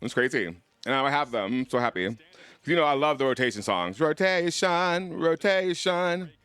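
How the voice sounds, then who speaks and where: A man's voice: medium pitch, expressive, fast, a bit bright, smooth, no room sound. Rambling playful male streamer. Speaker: livestreamer. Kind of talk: casual chat over a live broadcast.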